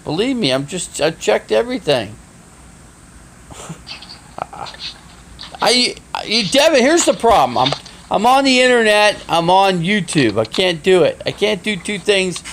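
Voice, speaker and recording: Flustered gravelly man on a phone stream. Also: high-pitched, very animated, measured pace, pauses often, fairly bright tone, slight background noise. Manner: flustered, swearing, restarting sentences. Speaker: live streamer. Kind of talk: casual live stream talk.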